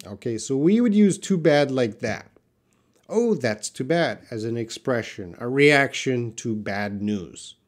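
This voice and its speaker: A man with a medium-pitched voice and lively intonation teaches English in a live-stream Q&A, answering viewer questions slowly and patiently with example sentences.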